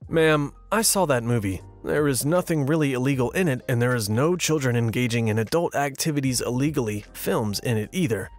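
A man's voice: mid-range voice, a little fast, hardly any pauses, faint music behind, natural voice. Brief: exasperated officer, dry politeness over irritation, read by a male narrator. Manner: calm but fed-up, flatly polite. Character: weary, annoyed male police officer.

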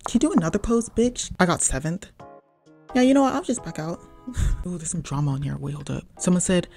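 A young woman and gaming vlogger plays a video game while trash-talking with casual, profane sarcasm. Her voice is lowish, creaky, and mellow, running a little fast, with music playing behind her.

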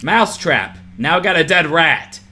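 A man's voice: a little high, expressive, unhurried, background noise. A man co-hosting a horror game playthrough, easygoing and laughing often at his partner's jokes. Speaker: co-host playing a horror game. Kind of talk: gaming commentary.

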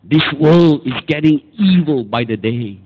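A man's voice: on the high side, lively intonation, a little slow, muffled recording, heavy background noise. A man with a Malaysian English accent, preaching a sermon as pastor and calling the congregation for amens. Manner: emphatic, calls for amens and repetition.

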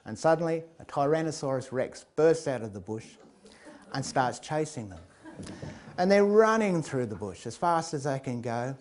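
Man, storyteller, comic tale, lively, chuckles, middle pitch. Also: normal speed. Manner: lively, chuckling, builds to loud climaxes.

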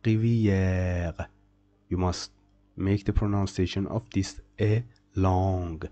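A man's voice: low voice, little pitch movement, slow pace, warm tone, muffled recording. A man teaching beginner French pronunciation, saying each word several times and then translating it. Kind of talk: slow beginner pronunciation lesson.

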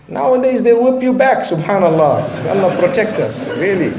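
A man's voice: very high-pitched, animated, normal speed, hardly any pauses, reverberant. A man delivering an earnest sermon with Arabic phrases and touches of light humor. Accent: Southern African English. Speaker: preacher.

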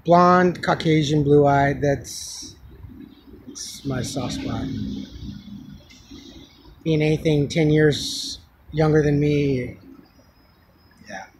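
A man vlogging outdoors, telling a story in a rambling, halting way with many restarts. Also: fairly high pitch, slight background noise. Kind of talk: casual storytelling vlog. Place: outdoors on the street.

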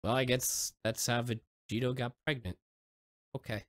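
A man's voice: mid-range voice, fairly even intonation, normal speed, a bit bright, dry recording, clean studio sound. A man hosting a reaction video in casual commentary, exasperated and swearing, with sarcastic asides.

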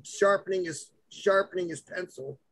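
A man's voice: high-pitched, normal speed, a bit bright. A man appearing as a comedian guest on a game podcast, joking and self-deprecating. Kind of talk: casual banter.

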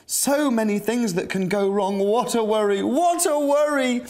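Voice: medium pitch, unhurried, darkish tone, pitched above the performer's own voice, close to an everyday voice. A woman voicing a fretful old male rabbit who leads a camp, dithering and repeating his worries in a children's storybook reading. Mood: anxious.

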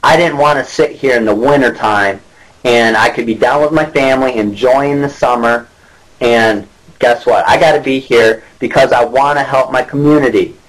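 A man's voice: mid-range voice, normal speed, low-quality recording. A middle-aged man from Michigan, speaking straight to the camera in an angry rant, indignant and repetitive, full of rhetorical questions. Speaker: local whistleblower.

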